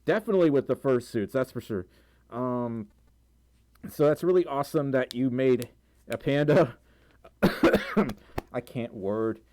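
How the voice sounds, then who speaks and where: A man's voice: mid-range voice, a little slow, long pauses, dark tone, no room sound. A young man livestreaming, reading out donations and chat messages in a rambling way with lots of fillers, tired and sore-throated with a recurring cough. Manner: rambling, many fillers, stumbles over reading.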